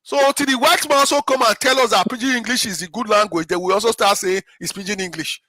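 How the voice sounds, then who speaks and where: High bright Nigerian man, emphatic. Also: fast, no room sound. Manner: emphatic, repeats phrases and rhetorical questions. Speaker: panel guest. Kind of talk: impassioned political commentary.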